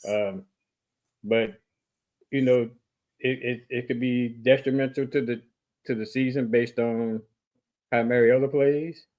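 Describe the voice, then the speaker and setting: A man's voice: medium pitch, fairly even intonation, a little mellow. A man co-hosting a casual sports talk show, explaining himself over and over with growing exasperation. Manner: exasperated, repeats himself slowly. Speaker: podcast co-host.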